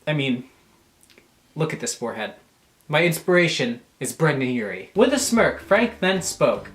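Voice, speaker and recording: A young man and YouTuber reading aloud for laughs, animated and crude, breaking off for mock-offended jokes. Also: fairly high pitch, moderate pace, echoey room. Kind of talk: comedic reading aloud with asides.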